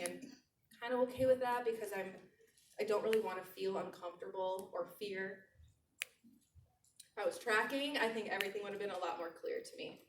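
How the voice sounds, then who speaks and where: A woman in her thirties giving an animated motivational sales talk to a live audience, slowly repeating her key phrases. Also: mid-range voice, a little hiss or hum. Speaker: sales trainer. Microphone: handheld mic held away from mouth. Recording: roomy, distant handheld mic.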